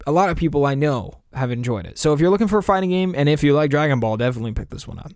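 A man's voice: a little high, lively intonation, very fast, clear, resonant tone, dry recording, clean studio sound. A man co-hosting a podcast, chatting casually and enthusiastically about video games, rambling and laughing often. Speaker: podcast co-host.

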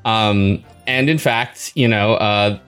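A man's voice: on the low side, slow pace, fairly bright tone, clear, resonant tone, faint music behind. A man co-hosting a podcast in casual chat, rambling with lots of fillers and restarts. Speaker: podcast co-host.

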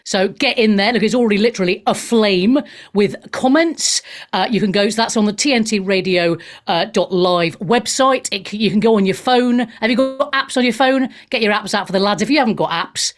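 A middle-aged woman from Wales hosting a talk radio show, sarcastic, profane and animated as she rants into a studio mic. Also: medium pitch, fairly quick.

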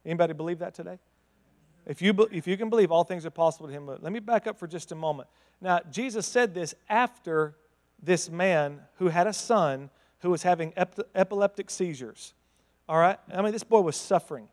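A man preaching a sermon as pastor, speaking directly to the congregation with rhetorical questions and swinging between loud outbursts and hushed intensity. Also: high voice, fairly quick, long reverb tail.

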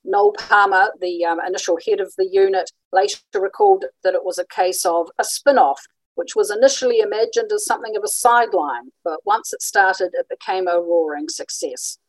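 A woman's voice: medium pitch, lively intonation, brisk, dry recording, poor audio. A woman presenting a talk on radio history in a conversational way, with frequent ums and restarts. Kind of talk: informal illustrated talk.

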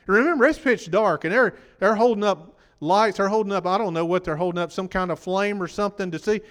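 High-voiced preacher in a reverberant hall. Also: male voice, brisk, a bit bright. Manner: conversational, questions the congregation. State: voice worn from preaching. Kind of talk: sermon.

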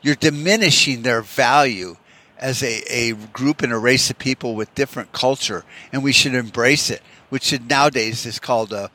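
Podcast host, man, bright edgy tone, rambling profane rant. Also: mid-range voice, moderate pace. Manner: profane, ranting, heavy use of "you know". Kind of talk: rambling solo monologue.

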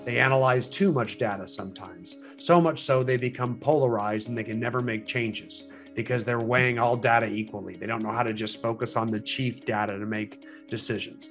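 A man's voice: mid-range voice, moderate pace, fairly bright tone. A man with an ordinary mid-range voice teaches a sales training session for real estate agents. He explains in a loose, conversational way, often restarting phrases and using fillers. Faint music sits behind him.

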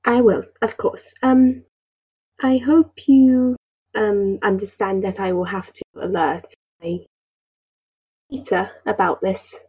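A woman voicing a gentle, wise female ice spirit who speaks formally and reassuringly. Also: medium pitch, steady tone, takes it slowly, pauses often, husky, narrow, tinny audio. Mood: gracious.

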